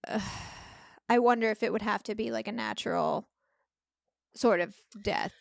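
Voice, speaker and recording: A woman's voice: medium pitch, unhurried, creaky, dry recording, studio quality. A young woman co-hosting a casual podcast, talking frankly with some swearing and easy laughs, and reading listener stories aloud. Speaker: podcast co-host.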